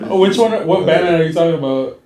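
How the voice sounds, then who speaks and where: Excitable young man, slightly high voice. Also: fast, distant mic. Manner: excitable, says like a lot. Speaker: podcast co-host. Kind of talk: casual podcast chat. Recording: echoey room.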